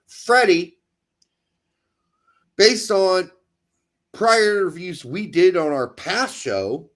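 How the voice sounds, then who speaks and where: Lively high-pitched ranting man. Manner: animated, ranting, sarcastic mimicry. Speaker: podcast co-host. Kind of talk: heated casual chat.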